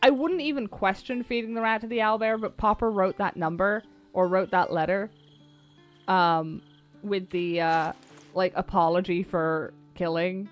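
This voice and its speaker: A woman's voice: mid-range voice, steady tone, unhurried. A woman streaming a video game, chatting casually, swearing and laughing easily. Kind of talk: casual gameplay commentary. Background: faint game music.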